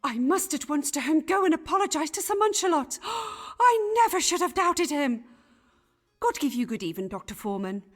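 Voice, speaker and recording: A woman voicing an excitable, gossipy, well-to-do Elizabethan lady in a game, flustered. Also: high-pitched, normal speed, in a large hall. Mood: shocked. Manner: flustered, gossipy, old-fashioned speech. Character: fussy wealthy lady, middle-aged, excitable. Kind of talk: game voice acting.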